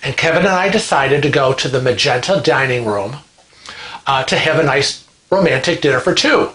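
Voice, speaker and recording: A man hosting a vlog, telling a story to camera in an animated, gossipy, conversational way. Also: mid-range voice, moderate pace, slight background noise. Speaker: vlog host. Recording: echoey room.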